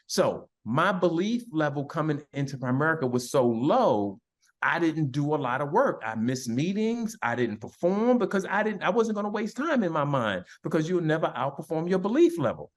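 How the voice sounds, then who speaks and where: A man leading a motivational business team call, rallying the listeners with drawn-out, preacher-like emphasis. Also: on the high side, sing-song. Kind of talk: motivational talk on a conference call.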